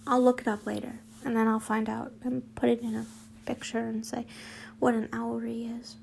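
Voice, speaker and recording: Reading her own fanfiction at a normal speed, a young woman sounds fairly high-pitched, flat and slightly mellow, with vocal fry. Between passages she slips into rambling, giggly chat that pokes fun at herself, plus whispered asides; a little hiss or hum is audible.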